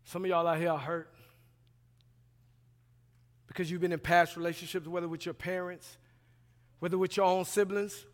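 A man in his thirties preaching a sermon as a pastoral resident, swinging between loud emphatic passages and quiet asides, colloquial and acting out dialogue. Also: high-pitched, level tone, normal speed, long pauses. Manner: colloquial, plays out dialogue in voices. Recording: long hall reverb.

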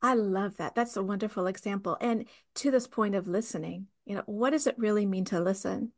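A woman's voice: medium pitch, brisk. A woman hosting a podcast, reflecting on ideas in a thoughtful, conversational way. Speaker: podcast host. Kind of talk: casual conversation.

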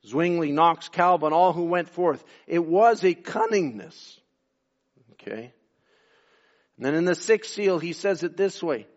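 A high-pitched man from Canada preaches a sermon, pressing his points with rising force and slipping into low, quiet asides. The recording is dull and lo-fi. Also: measured pace. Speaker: pastor.

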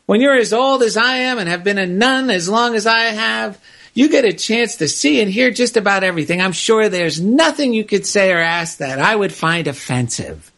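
A man's voice: high voice, expressive, normal speed, creaky, a bit bright, voice pushed up, heavily acted. A man putting on a kindly old nun. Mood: serene. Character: elderly female nun, kindly and unflappable.

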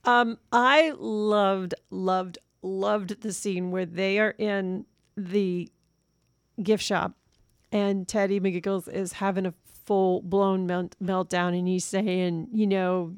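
A woman co-hosting a casual movie review chat, animated and laughing often as she recounts favorite scenes. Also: medium pitch, takes it slowly, clean tone, dry recording, clean studio sound. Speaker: podcast co-host.

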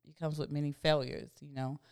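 A woman's voice: sits low, level tone, brisk, darkish tone, smooth, dry recording, studio quality. A woman co-hosting a podcast, chatting casually and reacting bluntly. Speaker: podcast co-host. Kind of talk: casual chat.

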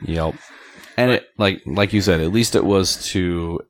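A man acting as game master, calmly ruling on turns and attacks in a tabletop game. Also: low voice, unhurried, no room sound.

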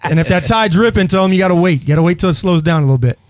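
A man's voice: sits high, expressive, racing, no echo, clean studio sound. A man co-hosting a radio show, giving laid-back fishing advice. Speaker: radio co-host. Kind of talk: casual radio banter. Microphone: studio mic.

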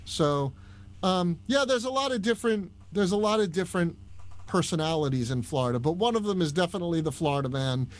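A man with a Long Island accent, a podcast guest telling stories in a casual, animated chat. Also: high voice, brisk. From Long Island, New York. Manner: storytelling, animated, with restarts. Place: Orlando, Florida.

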